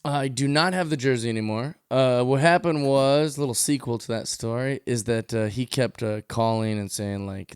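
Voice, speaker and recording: A comedian guest on a podcast, casually telling a story and acting out the people in it. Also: male voice, medium pitch, moderate pace, few pauses, clear, resonant tone, no room sound, studio quality. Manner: animated, acts out quoted voices.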